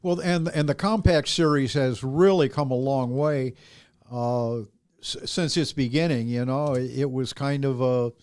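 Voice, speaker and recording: A man's voice: mid-range voice, unhurried, a little mellow, smooth, no room sound. A man co-hosting a racing show, talking in a friendly, enthusiastic way. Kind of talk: casual chat.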